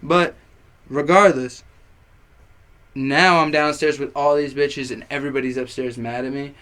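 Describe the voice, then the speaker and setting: A young man telling a long, animated story in casual chat, swearing freely and acting out what people said. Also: medium pitch, normal speed. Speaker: guest.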